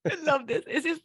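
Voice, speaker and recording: A woman in her fifties, a podcast guest telling stories in a casual interview, animated and laughing often at her own mishaps. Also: high voice, dry recording, clean studio sound. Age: 50s.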